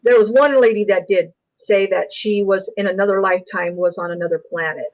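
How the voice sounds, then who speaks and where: A woman's voice: mid-range voice, steady tone, a little fast. Earnest woman guest, lo-fi sound. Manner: earnest, emotional recounting. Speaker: guest, UFO investigator. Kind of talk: personal storytelling.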